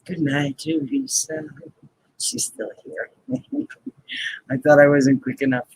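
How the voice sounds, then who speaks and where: A man's voice: fairly high pitch, sing-song, slow pace, creaky, pauses often, slightly rough, low-quality recording. A man hosting a casual live stream, chatting playfully with viewers, greeting them by name and laughing often.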